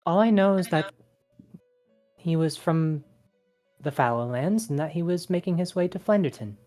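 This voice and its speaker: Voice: mid-range voice, animated, normal speed, darkish tone, soft background music. A player in a tabletop role-playing game, talking casually with fillers and describing their character's actions.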